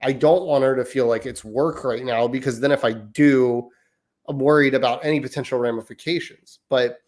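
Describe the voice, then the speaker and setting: Male podcast co-host, 30s, mid-pitched, casual and reflective with long qualifying sentences. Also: fairly even intonation, moderate pace, a little mellow. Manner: thoughtful, hedging, speaks in long winding sentences. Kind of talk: casual parenting chat.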